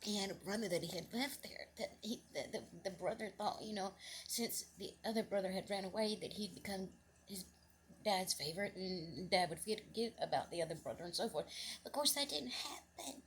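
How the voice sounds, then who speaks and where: A woman's voice: medium pitch, fairly quick, a little hiss or hum. A middle-aged woman casually telling a personal story. She rambles, restarts often, and her voice rises with feeling. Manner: rambling, with many restarts and asides; earnest and emotional, voice rising when moved.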